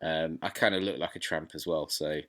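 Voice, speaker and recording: A man's voice: a bass voice, fairly even intonation, a little fast, fairly bright tone. A man co-hosting a podcast in casual chat, rambling and drifting off on tangents. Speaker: podcast co-host.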